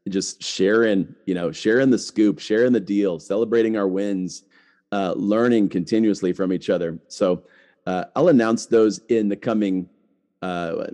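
His voice sits low and mellow, and he talks at a normal speed. He's a middle-aged man hosting a podcast, chatting informally with plenty of "like" and lots of false starts.

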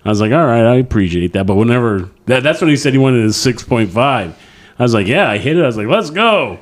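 Profane animated storytelling man. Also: mid-range voice, quick pace. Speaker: podcast co-host. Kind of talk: crude comedic storytelling.

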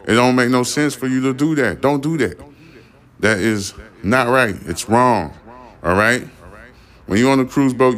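A man's voice: medium pitch, a bit bright. A man from the Caribbean with family from Haiti, giving a blunt, profane podcast commentary as host.

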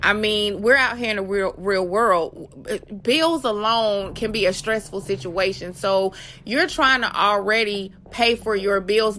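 A woman's voice: medium pitch, sharp tone. A woman hosting a solo podcast, talking earnestly and casually, reading out figures with small restarts. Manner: earnest, conversational, reads statistics aloud with restarts. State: has the hiccups. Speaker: podcast host.

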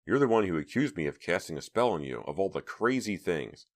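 A man's voice: sits low, very animated, brisk. A man reading an audiobook, voicing a scornful teenage girl who talks sarcastically. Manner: sarcastic, scoffing.

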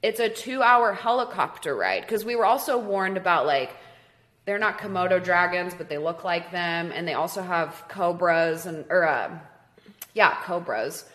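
A young woman telling a story in casual chat, animated, swearing freely and saying "like" a lot. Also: lowish voice, moderate pace.

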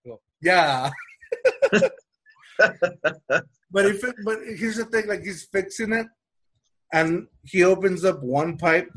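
A man telling a story in casual chat, animated and acting out the people he quotes. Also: high-pitched, takes it slowly, long pauses, husky. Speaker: storyteller in a conversation.

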